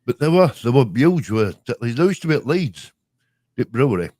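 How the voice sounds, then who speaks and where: A man's voice: mid-range voice, very animated, fairly quick, mellow, no room sound, clean studio sound. An older man with a Yorkshire accent, rambling through broad-dialect memories in casual chat as a show's co-host. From Yorkshire, England. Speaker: podcast co-host.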